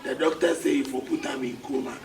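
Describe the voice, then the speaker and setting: A man's voice: mid-range voice, fairly even intonation, a little fast, darkish tone, echoey room, faint music behind, close to an everyday voice. A man playing a scheming young man who wails and pleads a fake sob story for money. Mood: pleading. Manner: wailing, pleading, laughing through sobs. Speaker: relative begging for money. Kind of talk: comedy skit acting. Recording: distant mic, noisy crowd behind.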